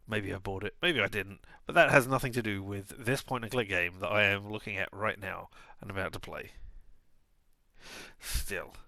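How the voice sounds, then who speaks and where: A man's voice: on the low side, creaky, sharp tone, no room sound. Rambling man streaming a game. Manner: rambling, self-mocking asides. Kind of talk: casual gameplay commentary.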